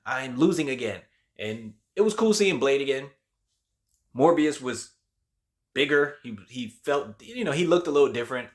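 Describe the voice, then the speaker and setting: A man's voice: mid-range voice, animated, moderate pace. A man giving a casual spoken review of a TV show, loose and chatty with lots of slang and fillers.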